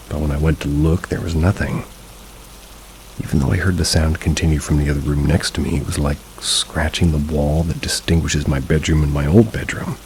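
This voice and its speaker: Deep gravelly narrator for creepy tales, steady read, soft rain behind. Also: male voice, slight background noise, poor audio. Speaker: horror story narrator. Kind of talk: scripted narration of reader stories.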